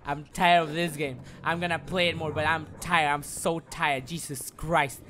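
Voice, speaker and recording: Casting: man doing gameplay commentary, bright sharp voice, faint hiss behind, cursing and repeating himself. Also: a little high, level tone, moderate pace. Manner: frustrated, swearing, repeats himself. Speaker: streamer.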